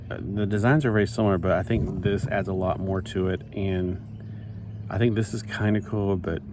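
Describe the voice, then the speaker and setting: A man's voice: deep voice, a little fast. A man chatting casually in a rambling, self-interrupting way while he builds a toy set. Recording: steady background noise.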